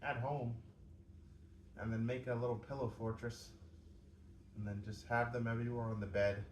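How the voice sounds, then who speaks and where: A man's voice: mid-range voice, little pitch movement, normal speed. A young man vlogging his home workout, chatty and joking to himself between exercises. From Canada. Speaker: fitness vlogger. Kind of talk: casual workout vlog. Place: home room at night. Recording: roomy distant mic with faint background hum.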